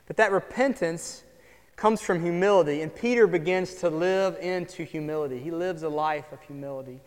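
A man preaching a sermon, earnest, moving between hushed, quiet passages and emphatic lines. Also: a little high, moderate pace. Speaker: pastor. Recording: long hall reverb.

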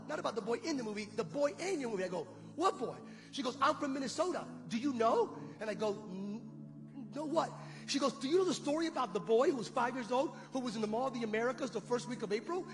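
A man preaching a sermon as pastor, telling a story with animated quotes and building to loud shouted calls to the congregation. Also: extremely high pitch. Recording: long hall reverb with music behind.

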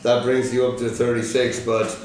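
A man runs a podcast quiz, joking around and swearing with easy good humour. His voice sits at an ordinary pitch. He sounds set back from the mic in a very echoey room with noticeable noise behind him. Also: little pitch movement, moderate pace, a little mellow, recorded from a distance. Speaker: podcast host, quizmaster. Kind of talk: casual quiz chat.

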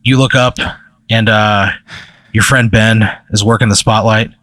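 A man's voice: on the low side, fairly even intonation, measured pace, a bit bright, dry recording. A man telling a long, rambling comedic story in casual chat, full of "like" and "right?".

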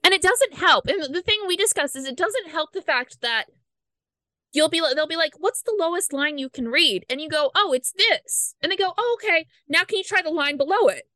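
A woman's voice: extremely high pitch, lively intonation, normal speed, pushed and bright, dry recording. A woman co-hosting a podcast, explaining earnestly in casual chat and quoting conversations. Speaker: podcast co-host.

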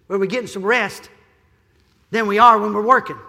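A male pastor preaching a sermon, building from quiet pleading to loud shouting and repeating his key phrases. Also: high-pitched, brisk, creaky, in a large hall. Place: church sanctuary.

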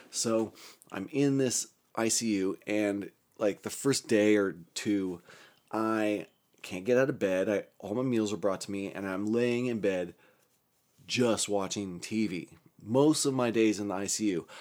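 A young man with a somewhat low voice tells a story in a loose, rambling monologue. He swears constantly, restarts his sentences and laughs at his own account. He is recovering from a stroke. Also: a little mellow.

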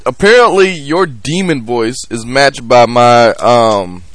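A male podcast host in relaxed banter, his pitch swinging widely as he jokes and rambles through restarts. The sound is dry with no room in it. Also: slow, no room sound. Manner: animated, joking, rambling with restarts. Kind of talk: casual chat.

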